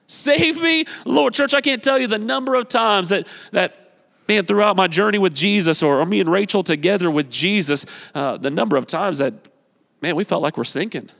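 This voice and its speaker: Pastor, male, high voice, exhorting and animated, echoing church sanctuary. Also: a little fast, creaky. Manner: energetic, exhorting, repeats phrases, acts out quotes. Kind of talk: sermon. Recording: long reverb of a large hall.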